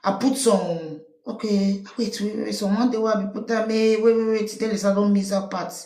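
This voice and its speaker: A woman's voice: mid-range voice, fairly even intonation, moderate pace, warm tone, roomy sound. A woman with a Cameroonian Pidgin English accent, hosting a livestream of casual political commentary and firing rhetorical questions at her listeners. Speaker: livestream host.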